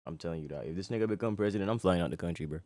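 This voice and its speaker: A man's voice: low voice, racing, a little mellow, slight background noise. A man hosting a reaction video, commenting in a slangy, laid-back way and calling the viewer "bro". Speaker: reaction channel host.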